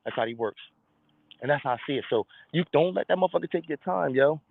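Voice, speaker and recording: A man talking in a casual monologue, blunt and profane, slipping into quick impressions of other people. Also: on the high side, animated, vocal fry, no echo. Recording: tinny phone-like sound.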